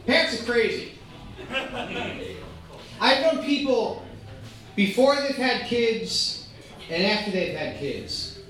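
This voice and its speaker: Animated stand-up storyteller in an echoey room. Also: medium pitch, takes it slowly, long pauses. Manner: animated, wry, uses many um and uh. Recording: echoey room, far-off mic, faint ambience.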